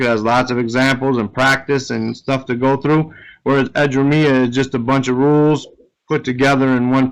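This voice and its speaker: A man's voice: medium pitch, fairly bright tone, clear, resonant tone, low-quality recording. A man teaching an Arabic grammar lesson, explaining step by step and often checking with "right?".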